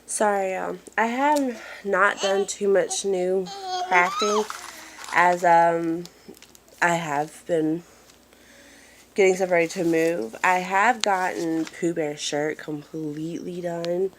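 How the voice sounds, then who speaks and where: A woman's voice: fairly low pitch, takes it slowly, a little hiss or hum. Apologetic mom rambling to her phone. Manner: apologetic, rambling with many fillers. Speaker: mother giving a family update. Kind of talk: casual vlog chat. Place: dim room at home during a move. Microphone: handheld phone.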